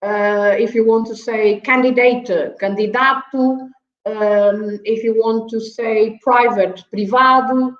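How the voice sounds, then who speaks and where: A woman language teacher, a Portuguese native speaker, explains grammar as a guest on an online show, slow and patient, using many fillers, checking in with "right?" and laughing lightly. Her fairly high voice stays level, and the video call audio is echoey, dull and lo-fi.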